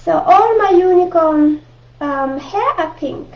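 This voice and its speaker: A woman from Italy with an Italian accent, teaching a live online painting class and chatting warmly with viewers. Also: extremely high pitch, lively intonation, slow pace. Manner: chatty, warm asides to viewers, frequent laughs. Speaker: art teacher. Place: home art room. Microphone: camera mic at close range. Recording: dull lo-fi livestream audio.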